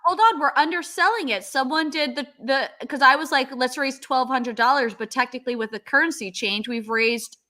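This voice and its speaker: A woman co-hosting a casual charity stream, excitable and gushing. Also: high voice, moderate pace, few pauses. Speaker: co-host.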